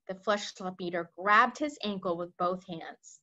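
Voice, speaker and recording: A woman reading a children's book aloud for a library, telling the story in a lively way with asides to listeners. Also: lowish voice, measured pace, hardly any pauses. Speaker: library read-aloud reader. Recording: dull lo-fi recording.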